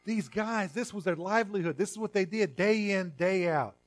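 This middle-aged pastor's voice sits high as he delivers a sermon conversationally, full of restarts and repeated words. He swings from loud, emphatic lines to quiet, drawn-out phrases.

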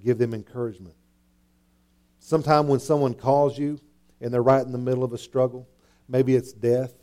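A man's voice: mid-range voice, dark tone. A man preaching a sermon, emphatic and repetitive, asking his listeners rhetorical questions. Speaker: pastor.

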